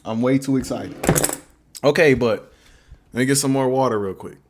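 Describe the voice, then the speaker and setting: A man's voice: medium pitch, normal speed. A young man who makes beats, chatting casually in a livestream Q&A, slangy and rambling. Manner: laid-back, slangy, rambling. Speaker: beatmaker streamer. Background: faint beat playing.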